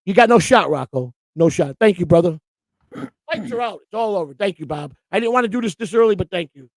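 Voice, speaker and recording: High, gravelly man ranting on a stream. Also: lively intonation, brisk, dry recording. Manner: profane, repetitive, emotional. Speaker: co-host of a streamed morning show. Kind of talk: heated livestream rant.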